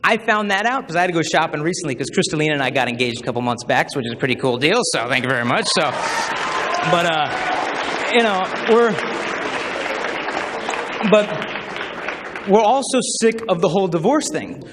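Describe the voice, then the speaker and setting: A man giving a humorous public talk to students, telling stories with animated acted-out voices. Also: on the high side, normal speed, pauses often, long reverb tail, a crowd in the background, background noise. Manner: animated storytelling, acts out voices. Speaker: chastity speaker.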